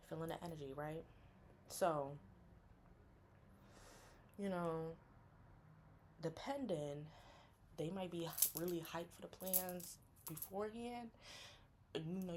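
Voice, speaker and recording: A woman chatting casually about astrology, animated and slangy, acting out friends in higher voices. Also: a little hiss or hum. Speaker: astrology content creator. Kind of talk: casual chat.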